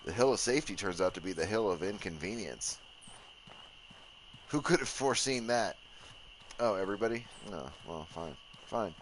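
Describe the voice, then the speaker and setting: A man's voice: lowish voice, animated, moderate pace, pauses often, slight background noise, low-quality recording. A man giving casual gaming commentary, joking, swearing and mocking himself as he plays. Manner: profane, joking and self-mocking. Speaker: let's play gamer.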